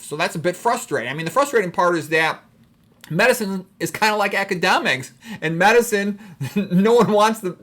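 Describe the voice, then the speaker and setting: Fast-talking, wry middle-aged man. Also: sits high, a bit bright. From Chicago. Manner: rambling, wry and frank. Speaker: doctor. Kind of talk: casual personal monologue.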